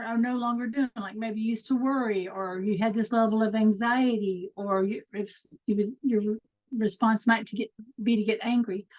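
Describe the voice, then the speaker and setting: A middle-aged woman from Texas with a Texan accent, hosting an upbeat, chatty online coaching call with easy fillers. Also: on the high side. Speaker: host. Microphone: video call. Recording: lo-fi video call audio.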